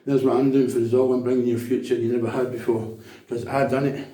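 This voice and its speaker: A man's voice: medium pitch, flat delivery, fast talker, dark tone, roomy sound. A man in a rambling, emphatic, preachy monologue. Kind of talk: casual monologue.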